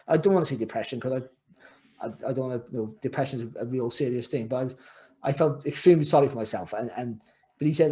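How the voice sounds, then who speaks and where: A man's voice: medium pitch, quick pace, dark tone. A middle-aged man, a former boxer, telling his story in a podcast interview, rambling and restarting his sentences as he reflects. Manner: rambling, repeats words and restarts often, reflective. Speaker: guest, former world champion boxer.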